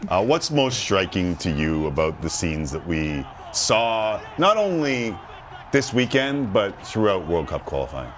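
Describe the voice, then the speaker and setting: A man's voice: deep voice, very animated, a little slow, a little hiss or hum. A man from Canada hosting a sports talk show, playful and theatrical as he introduces his guests.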